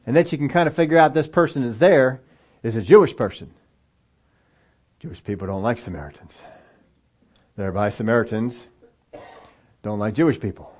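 A pastor with a husky, slightly mellow mid-range voice preaches to a congregation with children present. He keeps it conversational, taking on the voices of each person in the story, all within the church sanctuary.

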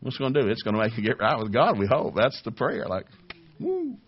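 This man talks fast in a lowish voice, and the recording's highs are cut off. He preaches a folksy, funny sermon, firing off rhetorical questions, chuckling, and acting out little dialogues where he raises his voice to play the other people.

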